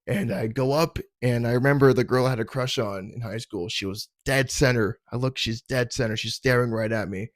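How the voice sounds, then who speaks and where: A man's voice: medium pitch, brisk, hardly any pauses, dry recording. Rambling self-deprecating young man, dry sound. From Canada. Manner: rambling, self-deprecating, stumbling over words. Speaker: comedian podcast host. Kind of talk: casual comedic storytelling. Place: his parents' basement.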